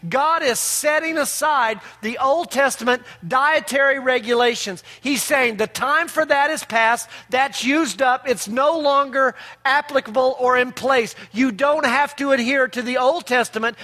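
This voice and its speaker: Male pastor, very high bright voice, chatty sermon with rhetorical questions, long hall echo. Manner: conversational preaching with rhetorical questions.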